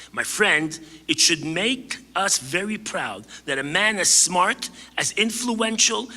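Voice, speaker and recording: A man reads out a formal introduction of a guest speaker and trips over a few words along the way. His voice is high and lively, rising and falling freely. It carries a long hall reverb. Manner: stumbling reading. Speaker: event host introducing the speaker.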